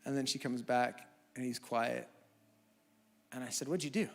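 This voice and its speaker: A man in his thirties preaching a sermon with humor, moving from hushed asides to loud, fervent passages. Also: mid-range voice, fairly even intonation, normal speed, vocal fry. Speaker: pastor. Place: church auditorium. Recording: long church hall reverb.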